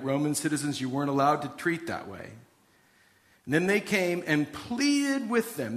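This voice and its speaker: A man's voice: a little high, a bit bright. A man preaching a conversational sermon, reading scripture and asking his listeners questions. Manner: conversational Bible teaching with rhetorical questions. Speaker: pastor.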